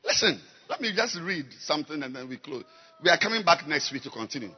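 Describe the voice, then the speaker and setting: A male pastor preaching a sermon, shouting and exhorting the congregation with a husky voice. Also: on the high side, sing-song, fast, lo-fi sound. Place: church service. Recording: echoey church hall, crowd faint.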